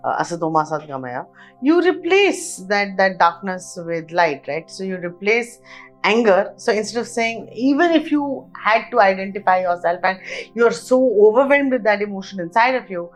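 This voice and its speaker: A woman's voice: mid-range voice, lively intonation, normal speed, faint music behind. Attentive female co-host. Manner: attentive, encouraging, playful asides. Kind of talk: conversational spiritual discussion.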